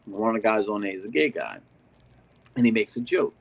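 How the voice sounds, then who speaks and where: A man's voice: fairly low pitch, big pitch swings, fairly quick, vocal fry, low-quality recording. A man in casual chat, telling a story animatedly with lots of fillers and swearing.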